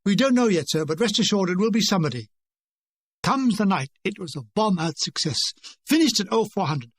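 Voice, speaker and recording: A man's voice: sits high, sing-song, fairly quick. An older man reading his own war memoir aloud, with a dry, wry comic delivery. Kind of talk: audiobook narration.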